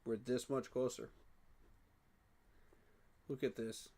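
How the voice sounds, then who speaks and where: A man talking excitedly in a casual fan reaction vlog, emotional and repeating himself. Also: medium pitch, slow pace, creaky. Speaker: sports fan vlogger.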